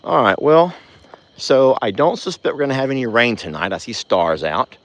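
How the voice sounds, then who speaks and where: Folksy man with a lively voice. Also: mid-range voice, normal speed. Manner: folksy, talks to animals and viewers. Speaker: ranch vlogger. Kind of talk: casual vlog chat. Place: outdoors on a ranch at night.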